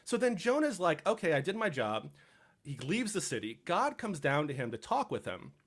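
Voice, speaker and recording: A young man casually retelling a Bible story with jokes, dropping into quick voices for the people in it. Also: fairly high pitch, husky. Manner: animated, jokey, acts out characters in quick asides. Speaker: podcast co-host.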